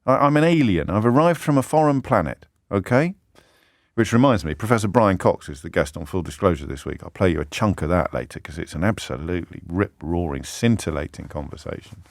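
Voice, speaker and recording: A man hosting a talk radio phone-in, speaking in an animated, indignant way and firing off rhetorical questions. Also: low-pitched, a little fast, dry recording, clean studio sound. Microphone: studio microphone.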